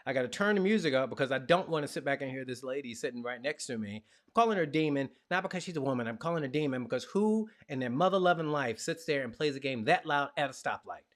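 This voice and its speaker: A man in his thirties from Richmond, Virginia, hosting a show and telling a personal story in a lively, playful way. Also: mid-range voice, fast, few pauses. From Richmond, Virginia, USA. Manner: animated, playful storyteller who acts out sounds. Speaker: podcast host. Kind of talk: storytelling monologue.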